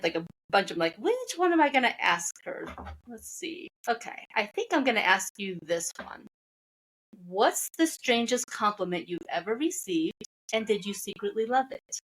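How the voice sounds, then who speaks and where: A woman hosting a podcast, asking questions in a relaxed, friendly way and laughing easily. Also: mid-range voice, moderate pace, husky, rough recording. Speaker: podcast host. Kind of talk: casual interview.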